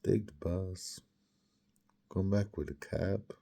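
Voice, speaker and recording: A man's voice: low voice, slow, creaky, dark tone. A man in his fifties with a sore throat, rambling in a meandering personal monologue that drifts into mutters and whispers. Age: 50s. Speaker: vlogger.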